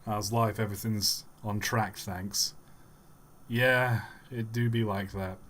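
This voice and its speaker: A man's voice: lowish voice, fairly even intonation, takes it slowly, a bit bright. A man live-streaming and giving rambling, wry commentary with the odd chuckle.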